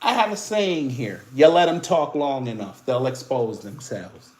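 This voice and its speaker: A man's voice: medium pitch, a little slow, slight background noise. Sarcastic Caribbean-born commentary man. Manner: animated, sarcastic, mocking, swings between loud and muttered asides. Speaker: political commentary host. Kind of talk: casual commentary reading posts aloud.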